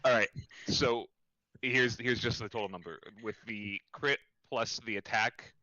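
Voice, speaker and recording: A man's voice: mid-range voice, a little slow, bright, forceful tone. A man playing a tabletop game online, talking casually as he works through his dice rolls and rules questions. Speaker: player. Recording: slightly dull lo-fi audio.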